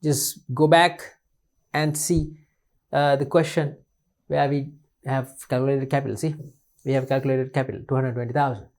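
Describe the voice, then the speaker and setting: A man's voice: mid-range voice, fairly even intonation, normal speed, pauses often, darkish tone. A man teaching a recorded lesson, repeating points and answering his own questions. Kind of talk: recorded exam-paper lesson.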